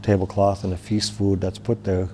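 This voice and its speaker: A man from Wisconsin telling a traditional story in an unhurried, plain-spoken way, with pauses and restarts. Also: low-pitched, flat delivery, mellow, a little hiss or hum.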